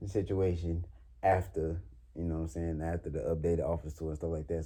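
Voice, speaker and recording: Animated young man. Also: deep voice. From New Orleans. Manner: animated, swearing, laughs often. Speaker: vlogger. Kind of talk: casual story time monologue.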